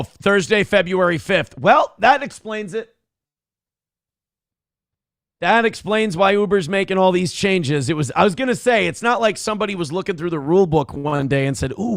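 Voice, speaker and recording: A man's voice: high-pitched, animated, normal speed, vocal fry, a bit bright, dry recording, clean studio sound. A man co-hosting a casual morning show, cracking jokes and reading viewer donations aloud. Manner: wisecracking, reads chat messages aloud.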